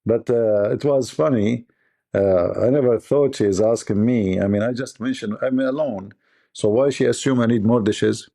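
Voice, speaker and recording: A man's voice: mid-range voice, mellow. Joking male livestream host. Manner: joking storyteller, mimics voices, laughs often. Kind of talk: livestream debate chat.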